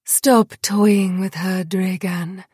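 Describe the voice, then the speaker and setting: A woman's voice: medium pitch, fairly even intonation, slow pace, darkish tone, slightly rough, dry recording, clean studio sound. A woman voicing a cruel, haughty vampire broodmother who taunts in silky, old-fashioned speech. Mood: commanding.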